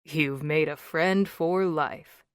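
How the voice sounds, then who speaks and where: Voicing a smug, sarcastic young man, a female narrator stretches her words out teasingly with a wry air. Her tone is clear and resonant, slightly low, and the recording is close and dry, without any room sound.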